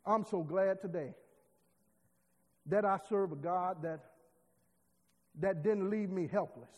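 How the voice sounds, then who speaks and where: Man, preacher, very high voice, rhythmic sermon delivery, long echo of a big hall. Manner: rhythmic preaching, rising to shouts.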